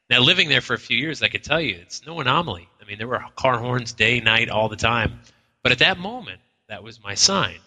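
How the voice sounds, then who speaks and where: A man's voice: mid-range voice, expressive, brisk, sharp tone, in a large hall, rough recording. A man co-hosting a live paranormal radio show, telling stories with acted-out quotes and lots of restarts. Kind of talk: casual on-air chat. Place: inn function room at a live broadcast.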